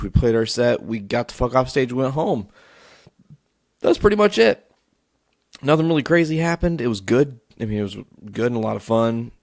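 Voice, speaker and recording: A man hosting a solo podcast, telling a story as a profane, animated rant. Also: lowish voice, vocal fry, no echo, clean studio sound. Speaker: podcast host.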